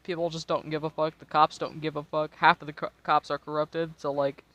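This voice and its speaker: A man's voice: on the high side, little pitch movement, brisk, fairly bright tone, no echo, lo-fi sound. An American man in his twenties, tipsy and rambling in casual, profane chat while streaming a game, laughing often. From United States. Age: 20s.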